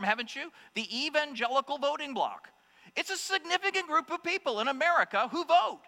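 High-voiced, bright preaching man. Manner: impassioned preaching, rising to exclamations and dropping to hushed asides. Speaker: pastor. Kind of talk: sermon. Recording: long hall reverb with mains hum.

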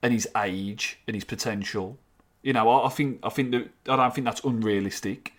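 A man co-hosting a casual football podcast, often halting and restarting as he thinks aloud. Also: lowish voice. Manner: halting, many restarts and fillers, earnest. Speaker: podcast co-host.

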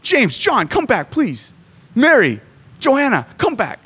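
A man's voice: sits high, lively intonation, brisk, fairly bright tone, pitched above the performer's own voice. A man voicing a desperate figure who begs his followers to join and stay, in an over-eager, pleading way.

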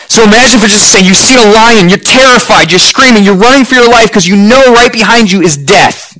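A man preaching a sermon to his congregation, earnest and emphatic, slowing down for weighty lines. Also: sits high, pushed and bright, low-quality recording. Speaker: pastor.

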